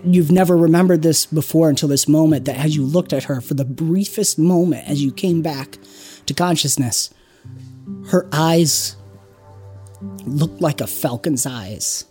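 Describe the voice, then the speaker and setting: A game master narrating a tabletop role-play scene in a slow, soft storytelling manner. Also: medium pitch. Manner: slow, drawn-out storytelling with soft drops in volume.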